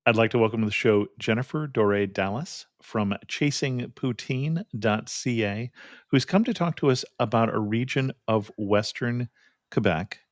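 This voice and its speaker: A man's voice: lowish voice, normal speed, no room sound. A man hosting a travel podcast interview, upbeat and joking at his own expense. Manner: upbeat, self-mocking about pronunciation. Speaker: podcast host. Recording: dry close sound.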